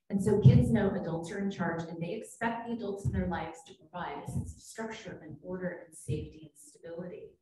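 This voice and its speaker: A woman's voice: fairly low pitch, brisk, few pauses, warm tone. A woman psychiatrist giving a conference keynote, telling stories in a conversational way and acting out quoted voices. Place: conference hall. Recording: echoey hall, speaker far from mic, faint hum.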